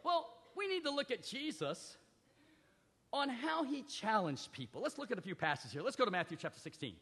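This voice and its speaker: A high-pitched, bright-toned man preaches with big swings in loudness and emphasis. He often turns to the listeners with direct questions. The sound carries a long reverb, as if in a large hall. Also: very animated, fairly quick, breathy edge. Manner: addresses the audience directly with questions. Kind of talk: sermon with scripture reading.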